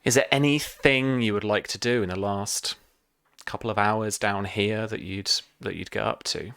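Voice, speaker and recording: A man narrating as game master for a tabletop game, pausing often with fillers. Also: on the low side, fairly even intonation, vocal fry, fairly bright tone, smooth, no room sound, clean studio sound. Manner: hesitant, many fillers.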